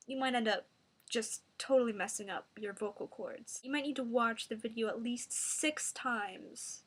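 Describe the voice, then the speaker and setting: A woman giving a mock singing tutorial in a deadpan, rambling, self-serious way. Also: fairly high pitch.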